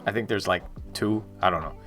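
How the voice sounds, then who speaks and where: A man voicing a brash young Miami bro with a Miami accent, talking loud and slangy, full of "like" and "bro". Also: fairly low pitch, fairly quick, faint music behind. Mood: swaggering.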